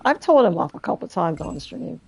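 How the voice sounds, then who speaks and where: A woman's voice: on the low side, big pitch swings, a little fast, vocal fry, breathy edge. A young woman streaming a game, chatting bluntly and casually with her viewers and swearing freely. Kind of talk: casual live-stream chat while gaming.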